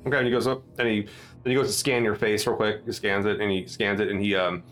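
A man's voice: lowish voice, level tone, fast talker, fairly bright tone, faint music behind. Rambling male game master. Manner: rambling, full of fillers and restarts. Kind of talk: narrating a tabletop game.

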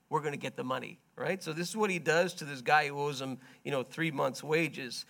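A man delivers a sermon in a fairly high voice with a gravelly, creaky edge. He retells a story dramatically, dropping to a low murmur, then rising into loud, emphatic bursts. He stops often to explain in plain, everyday words. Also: a little fast, few pauses. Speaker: preacher.

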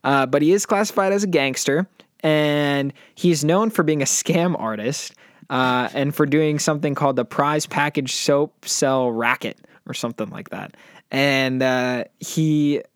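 Young guy podcasting from an apartment, a bit high voiced, dry close sound, animated storyteller. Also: a little slow, clean tone, dry recording. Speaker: podcast co-host. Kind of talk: casual chat.

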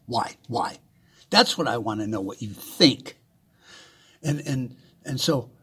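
This is a man hosting his own podcast, venting on politics in a loose, profane rant. His voice is very rough and grainy and sits at an ordinary pitch. He keeps restarting phrases and slips in sarcastic mock quotes. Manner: blunt, swearing, repeats words, mocking asides. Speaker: podcast host.

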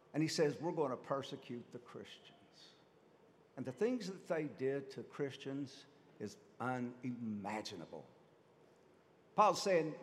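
Animated preacher in a reverberant hall. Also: male voice, on the high side. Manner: animated, rhetorical questions to the congregation. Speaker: pastor. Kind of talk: sermon.

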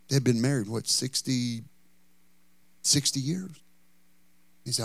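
A middle-aged man preaching a sermon as pastor, animated and folksy, with humorous asides. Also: medium pitch, measured pace, pauses often, slightly rough, no room sound.

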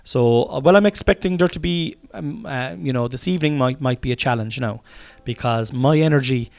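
An Irish man hosts his own podcast, talking in a medium-pitched, creaky, slightly mellow voice at a moderate pace. He rambles like a tired, casual diary, swears often and keeps restarting sentences.

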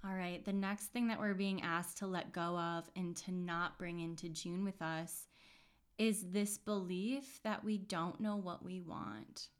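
A woman's voice: on the low side, fairly even intonation, measured pace. A woman hosting a podcast and giving an intuitive reading in a casual, chatty monologue, earnest and reassuring, full of fillers and restarts.

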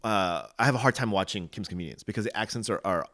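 A man's voice: fairly low pitch, fast talker, fairly bright tone. A man co-hosting a podcast in casual chat, opinionated and hesitant, often restarting his sentences. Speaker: podcast co-host.

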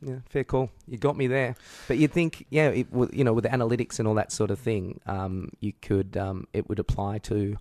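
A man co-hosting a podcast in casual chat, talking in halting starts with many fillers and restarts. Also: lowish voice, fairly even intonation, darkish tone, no echo. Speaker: podcast co-host.

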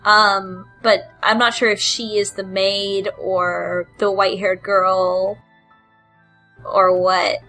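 A woman with a medium-pitched, level, bright and forceful voice speaks slowly while hosting a casual podcast chat, recapping a game with rambling hesitation, frequent ums and laughs, and cheeky, irreverent asides. Soft music plays behind her on a low-quality recording.

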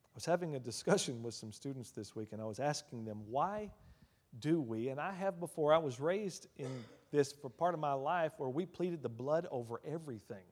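A man's voice: medium pitch, lively intonation, normal speed. Emphatic male preacher in an echoing hall. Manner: swings between hushed asides and loud emphatic declarations; calls out hallelujah and amen between points. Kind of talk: sermon. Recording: long reverb of a large hall.

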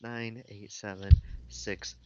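A man co-hosting a casual podcast, hesitant and quick to laugh. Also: fairly low pitch, little pitch movement, noisy background. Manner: laughs easily, hesitant with fillers. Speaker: podcast co-host. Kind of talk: casual chat. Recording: dull lo-fi recording.

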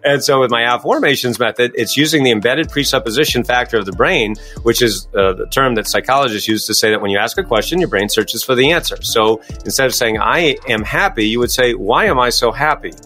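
A middle-aged man speaks fast, in a bright and forceful voice. He answers interview questions with emphatic energy, with faint music underneath. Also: mid-range voice. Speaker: podcast guest, coach.

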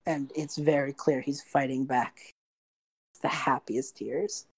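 A woman narrating as game master of a tabletop role-playing game, relaxed and full of casual fillers. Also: very deep voice, slow pace, husky, no room sound, rough recording. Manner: relaxed storyteller, many fillers like "just goes".

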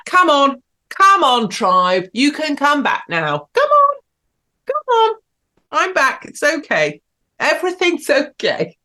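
A woman hosting an online show, giving provocative, sarcastic commentary and talking to her live chat. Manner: provocative, sarcastic, big swings in pitch and loudness.

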